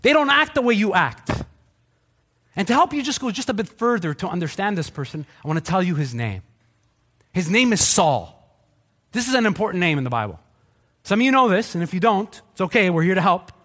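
A man's voice: high-pitched, a little fast. A middle-aged male pastor preaching a sermon, joking with the congregation and acting out what people say. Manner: animated, joking, acts out quoted voices.

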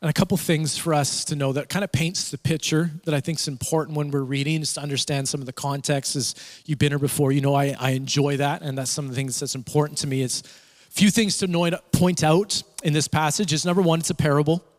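Man, pastor, sermon, high voice, emphatic repetition, church hall reverb. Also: fairly even intonation, fast. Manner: emphatic preaching with repeated phrases and rising intensity.

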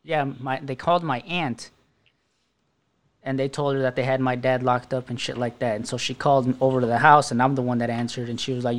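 A man's voice: medium pitch, flat delivery, quick pace. A man co-hosting a podcast, telling stories in a loose, profane, laughing way. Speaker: podcast co-host. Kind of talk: casual chat.

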